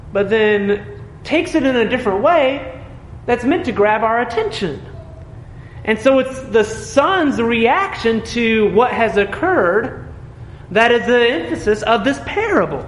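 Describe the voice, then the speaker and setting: A man with a high, light voice delivers a sermon. His delivery is earnest and emphatic, and he keeps asking rhetorical questions. The sound is echoey, with a long reverb and faint room ambience. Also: animated, measured pace, fairly bright tone, slight background noise. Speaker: pastor.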